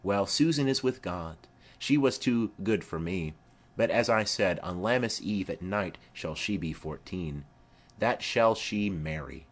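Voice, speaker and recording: A man's voice: low-pitched, lively intonation, a little slow. A man doing a rambling old nurse woman. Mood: rambling fondly. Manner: rambling, garrulous storytelling. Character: chattering old female nurse, rambling and fond. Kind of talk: audiobook play reading.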